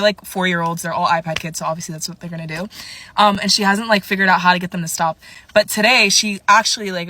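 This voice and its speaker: Chatty young woman, quick and bright. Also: lowish voice, slight background noise. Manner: chatty, animated. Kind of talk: casual storytime to camera.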